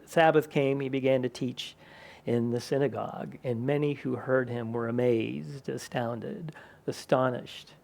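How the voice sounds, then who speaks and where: This pastor's medium-pitched voice is gravelly and a little mellow. Preaching in a church sanctuary, he keeps the sermon conversational and gets louder when quoting figures from scripture.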